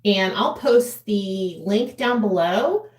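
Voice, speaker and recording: A woman in her forties, a vlogger, does her makeup at home while casually chatting to a live chat, laughing often. Her mid-range voice is animated and unhurried, and the sound is roomy.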